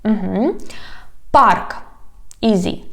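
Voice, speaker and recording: A woman from Ukraine, teaching a video language lesson and repeating words slowly syllable by syllable, her pronunciation a little impeded by braces. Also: medium pitch, lively intonation, creaky, a bit bright.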